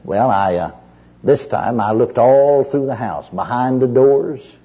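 A man's voice: medium pitch, a little slow, mellow, breathy edge, muffled recording. A male preacher giving a sermon as a personal testimony. He tells it in a folksy storytelling way, with constant "you know"s and restarts.

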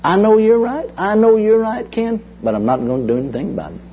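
A man acting out a weeping, trembling grown man who refuses to change, speaking in a high, quavering, tearful voice. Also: wildly swooping pitch, moderate pace, mellow, highs cut off, slight background noise, full character voice. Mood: tearful, stubborn.

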